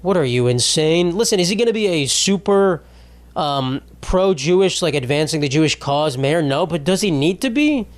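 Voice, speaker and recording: A man's voice: on the high side, lively intonation, normal speed. A young adult man hosting a podcast, rambling in a crude, sarcastic comedic monologue. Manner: crude, sarcastic, rambling with mocking put-on voices. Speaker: podcast host.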